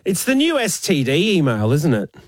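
Australian male co-host, higher voice that swings a lot, laughs easily, dry close sound. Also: no room sound. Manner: lively, laughing, quick asides. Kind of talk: casual chat.

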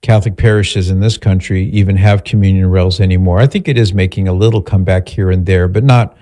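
A man hosting a radio talk show, thanking donors by name and calmly explaining listeners' questions. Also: deep voice, quick pace.

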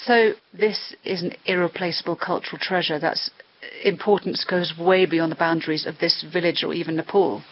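A woman with a lowish, fairly steady voice speaks at a normal pace, and the audio sounds dull. She's a reporter narrating a documentary on location outdoors in a mountain village, sounding awed, descriptive and a bit out of breath.

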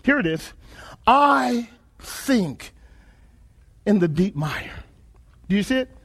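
A man's voice: high voice, big pitch swings, slow pace, creaky, fairly bright tone. A man preaching a sermon, emphatic and repetitive, asking his listeners questions and repeating phrases.

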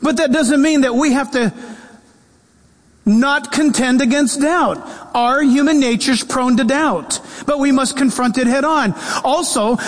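High-voiced preaching man in a reverberant hall. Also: a little slow. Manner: animated preaching with quoted voices and humor. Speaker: pastor. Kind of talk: sermon. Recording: long reverb of a large hall.

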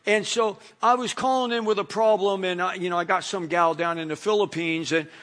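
A man's voice: sits high, steady tone, brisk, fairly bright tone. A middle-aged male pastor preaching a sermon in a casual, conversational way, full of "you know" asides.

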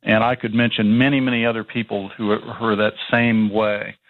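A man's voice: fairly low pitch, little pitch movement, a little fast, no room sound. A man speaking as a guest on a radio call-in show, explaining his ideas earnestly. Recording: tinny phone line.

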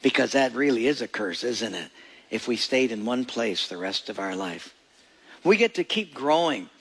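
A man's voice: mid-range voice, very animated, normal speed, slightly rough. A male pastor preaching a sermon in a church, telling folksy stories with jokes. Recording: echoey hall.

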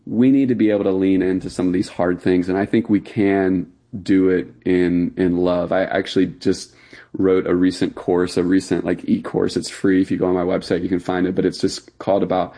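A man's voice: deep voice, level tone, normal speed, dark tone. A man, a pastor, talking earnestly as a radio interview guest and explaining his views with fillers and emphasis.

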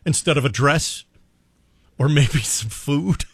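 A male co-host in casual studio chat, chiming in with quick reactions. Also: fairly high pitch, husky, dry recording.

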